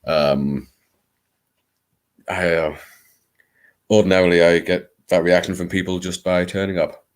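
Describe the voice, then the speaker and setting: A man's voice: deep voice, level tone, unhurried, clear, resonant tone. A man hosting a late-night live stream, chatting in a theatrical, rambling, self-mocking way.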